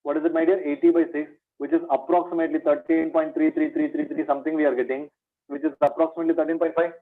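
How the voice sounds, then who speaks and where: Quick and level in tone, a slightly high-voiced man with an Indian English accent teaches maths exam revision online, the audio tinny and phone-like. He asks questions and answers them himself, calling his students "my dear".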